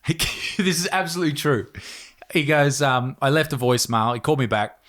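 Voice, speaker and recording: A man's voice: fairly high pitch, a little fast, a bit bright. Australian man telling a sweary story. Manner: laid-back storytelling, heavy swearing, laughing through the story. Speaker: podcast host. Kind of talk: casual chat.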